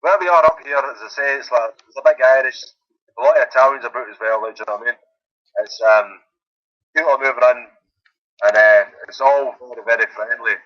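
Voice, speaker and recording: A man's voice: mid-range voice, a little fast, highs cut off. A Scottish man calling into a radio show, chatting in an easygoing, rambling way with lots of fillers. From Scotland. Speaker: caller. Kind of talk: casual chat.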